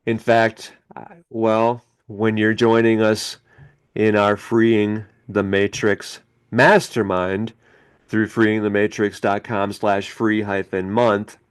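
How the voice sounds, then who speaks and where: A man's voice: lowish voice, little pitch movement, takes it slowly, clear, resonant tone. A middle-aged man hosting a motivational self-help podcast, preaching emphatically and leading listeners in chanted mantras. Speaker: podcast host.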